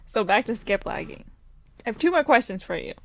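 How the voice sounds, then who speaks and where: A woman's voice: a little high, animated, brisk, gravelly. A young woman co-hosting a podcast in casual chat, playful and giggly, asking her partner questions. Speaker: podcast co-host.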